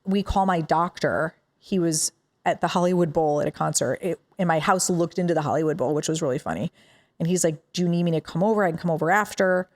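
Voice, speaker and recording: A woman guest on a podcast, telling a personal story in an animated, conversational way with lots of quoted dialogue. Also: fairly low pitch, fast.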